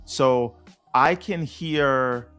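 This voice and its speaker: A man's voice: medium pitch, extremely slow, a bit bright, smooth, faint music behind. A man hosting a casual gaming podcast who thinks aloud, restarts his sentences and poses questions to his co-host. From United States.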